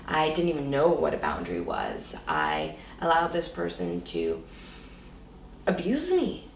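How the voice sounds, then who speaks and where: A woman interview guest recounts her personal story earnestly and reflectively, frequently saying "you know." Her low, gravelly voice moves unhurriedly with huge swings in pitch. The mic is distant, picking up roomy echo, a bit of hiss or hum and faint background ambience with her slightly off-mic.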